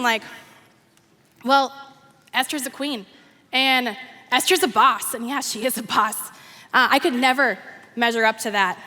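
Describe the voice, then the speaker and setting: Animated young woman preaching in a hall. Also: high-pitched. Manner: animated storytelling, acting out characters' lines. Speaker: youth ministry coordinator. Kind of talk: youth sermon. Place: church worship hall. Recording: long hall reverb.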